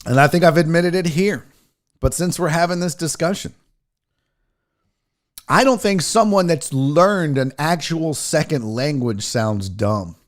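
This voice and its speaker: A man's voice: on the high side, measured pace. A man from the American South hosting a casual sports talk livestream, brash and profane, joking and chatting with his viewers. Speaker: sports talk show host.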